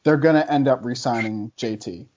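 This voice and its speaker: A man arguing a contrarian take on a casual podcast, chatty and quick to laugh. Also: medium pitch, darkish tone, lo-fi sound, a little hiss or hum. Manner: chatty, laughs often, argumentative. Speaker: podcast guest debater.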